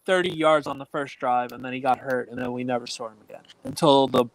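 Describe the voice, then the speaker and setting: A man's voice: medium pitch, steady tone, quick pace. A man co-hosting a podcast, asking long rambling sports questions in casual chat. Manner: mock interviewer, rambling questions. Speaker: podcast co-host.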